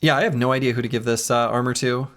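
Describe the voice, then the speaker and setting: A man's voice: mid-range voice, fairly even intonation, quick pace, a bit bright. A man streaming a game, chatting casually in a joking, rambling and self-mocking way. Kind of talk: casual gameplay commentary and chat.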